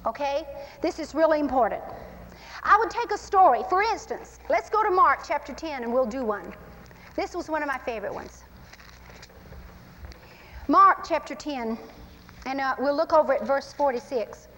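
High-voiced woman preaching in a hall. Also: normal speed, long pauses, slight background noise. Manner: animated, acts out scenes with shifting pace. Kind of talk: sermon-style Bible teaching.

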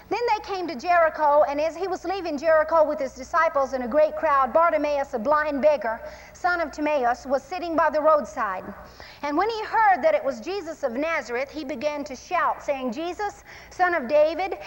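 A woman preaching and teaching from the Bible, animated and acting out the scenes as she tells them. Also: high-pitched, a little fast, in a large hall, poor audio. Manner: animated, acts out scenes with shifting pace. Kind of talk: sermon-style Bible teaching.

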